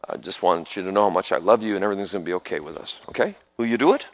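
A man's voice: low-pitched, animated, racing, no room sound. A man preaching at an altar call, calling people forward and praying over them in sudden fervent bursts. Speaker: preacher leading prayer ministry.

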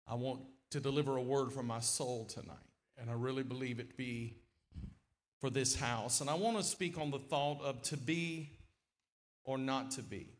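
A middle-aged man preaching a sermon in a church, folksy and lively, with sudden loud, emphatic swells. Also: mid-range voice, moderate pace. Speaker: guest preacher. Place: church sanctuary.

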